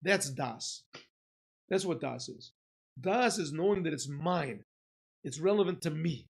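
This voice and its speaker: A man's voice: on the high side, a little slow, creaky, slightly rough, poor audio. A man, a rabbi, lecturing on Chassidus, telling a parable with acted-out dialogues. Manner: animated storyteller, acting out dialogues.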